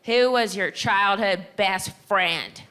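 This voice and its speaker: A woman voicing a curt, deadpan customer service rep at a phone company. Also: mid-range voice, slow, clean tone. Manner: flat, curt, bureaucratic.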